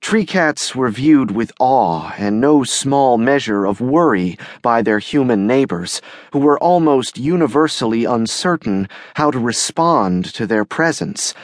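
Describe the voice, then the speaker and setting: Male narrator, mid pitch, unhurried, dry studio read. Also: no room sound. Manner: measured, even storytelling. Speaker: audiobook narrator. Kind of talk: scripted narration. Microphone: close studio mic.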